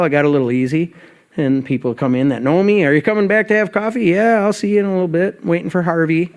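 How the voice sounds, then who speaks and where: A man's voice: on the high side, darkish tone. A man giving a guest talk at a recovery meeting, telling his story in a conversational way and acting out remembered dialogue. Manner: conversational, acts out both sides of remembered dialogue.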